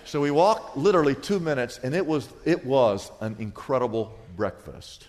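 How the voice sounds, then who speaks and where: A middle-aged man preaching a sermon as pastor, telling a story in a lively, animated way. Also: a little high, brisk. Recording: long reverb of a large hall.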